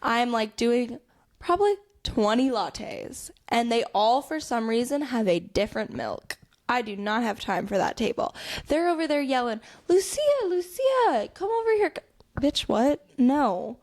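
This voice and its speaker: A young adult woman co-hosting a podcast, telling a story in casual chat with animated, sarcastic energy. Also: a little high, measured pace. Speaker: podcast co-host.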